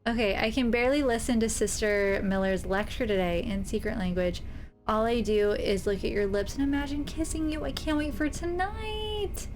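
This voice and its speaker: A woman's voice: mid-range voice, darkish tone. A young woman streaming a story game, reading letters aloud and gushing over them between lines. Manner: gushing, reads letters aloud with quick asides. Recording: faint music behind, slightly staticky audio.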